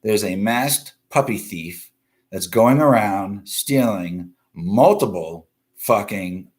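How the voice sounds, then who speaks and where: A man hosting a live-stream news show, ranting bluntly and profanely while greeting viewers from the comments. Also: fairly low pitch. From East Coast of the US. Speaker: livestream news show host.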